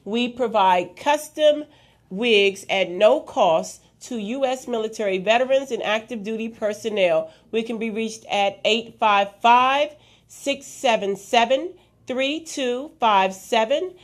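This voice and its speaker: A woman's voice: fairly high pitch, unhurried. A woman appearing as a guest on a talk show, answering casually and giving short affirmations. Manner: warm brief affirmations, emotional gratitude.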